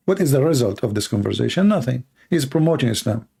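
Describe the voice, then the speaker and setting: A man hosting a debate livestream in non-native English, hoarse and coughing as he argues through rhetorical questions. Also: mid-range voice, sing-song, quick pace, mellow. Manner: argumentative, fires rhetorical questions. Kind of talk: live stream Q&A monologue.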